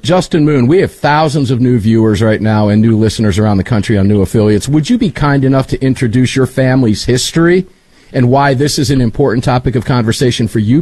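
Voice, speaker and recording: Husky-voiced energetic talk radio host man. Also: mid-range voice, no echo. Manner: fast, energetic, chummy. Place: home studio.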